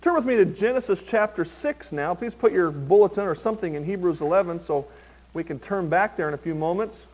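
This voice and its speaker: Man, pastor, sermon, high-pitched, slow emphatic scripture reading, conversational asides. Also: darkish tone. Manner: reads scripture slowly and emphatically, then speaks conversationally to the congregation.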